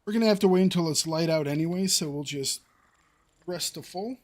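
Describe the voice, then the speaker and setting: A man's voice: on the high side, a little fast. A man streaming a survival game, chatting casually to his viewers and thinking aloud about his next moves. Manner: thinking aloud, talking to chat. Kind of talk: casual gameplay commentary.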